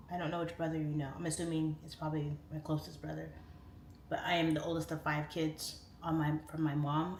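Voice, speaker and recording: A woman's voice: low-pitched, darkish tone. A woman in her late thirties hosting a casual livestream, reading viewer comments aloud and chatting on tangents with laughs. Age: 30s. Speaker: livestream host. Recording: roomy echo, faint room noise.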